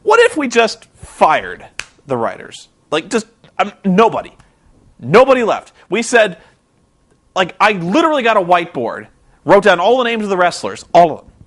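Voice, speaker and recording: A man's voice: sits high, wildly swooping pitch, normal speed, a bit bright. A young man vlogging about a wrestling show, exasperated and sarcastic, rambling with restarts. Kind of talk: casual ranting commentary.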